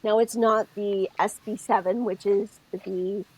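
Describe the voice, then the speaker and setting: A woman's voice: mid-range voice, measured pace, breathy edge, low-quality recording. A woman co-hosting a casual spiritual chat podcast, talking expressively and often stopping to rethink mid-sentence. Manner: expressive, thinks aloud, self-interrupting. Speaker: podcast co-host.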